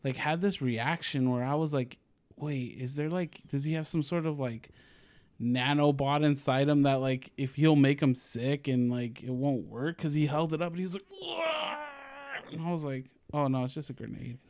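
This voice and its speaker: A man's voice: medium pitch, fairly even intonation, normal speed, darkish tone, no room sound. A man co-hosting a podcast, retelling a movie scene in a rambling, laughing way with lots of filler words. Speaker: podcast co-host. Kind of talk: casual chat.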